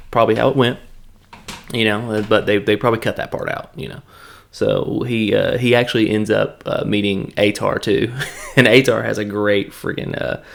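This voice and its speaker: A man's voice: on the low side, creaky. A man hosting a casual film review, talking in a rambling, joking way with many fillers.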